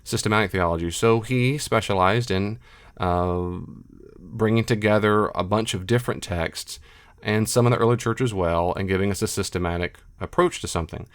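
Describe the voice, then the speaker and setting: A middle-aged man speaking as a biblical scholar in an unscripted monologue, emphatic and repetitive, with animated asides. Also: lowish voice, normal speed.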